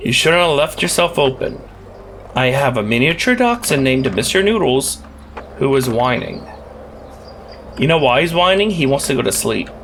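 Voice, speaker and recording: A man with a cough giving rambling, jokey, excitable commentary while playing a game. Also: on the high side. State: has a cough. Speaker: let's play gamer. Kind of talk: casual gameplay commentary.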